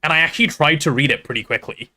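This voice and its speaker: A man streaming, reading a novel aloud and then chatting casually, animated and swearing freely. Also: on the high side, fast talker.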